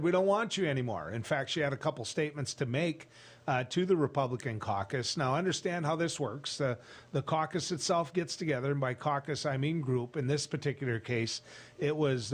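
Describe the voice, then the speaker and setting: Radio host man, chatty commentary. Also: medium pitch. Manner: conversational, explains step by step, frequent "uh". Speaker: radio talk show host. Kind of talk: opinion commentary.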